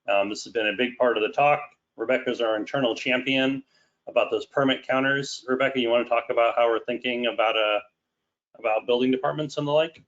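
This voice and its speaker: A man moderating an audience Q&A on a webinar, reading out questions in a measured way. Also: mid-range voice, fairly bright tone. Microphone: video call. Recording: dull lo-fi call audio.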